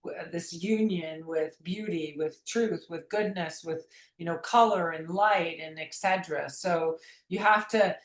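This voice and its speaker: A woman's voice: fairly low pitch, a little slow, echoey room, rough recording. A woman guest talking about her memoir in an earnest, rambling way, often restarting her sentences. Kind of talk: reflective conversational interview.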